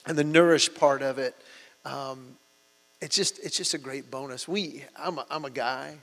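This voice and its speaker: A man's voice: mid-range voice, moderate pace. A man preaching a sermon, telling stories and acting out quotes as he goes. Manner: storytelling, with lively acted-out quotes. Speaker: pastor. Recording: hall reverb and mains hum.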